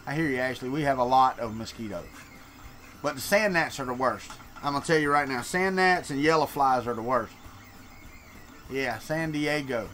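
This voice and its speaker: A Florida streamer with a Southern accent talks at a moderate pace in a mid-range voice with a fairly bright tone, a little hiss or hum behind him. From the Deep South, he keeps the live-stream chat casual, joking with viewers while reading and replying to their messages.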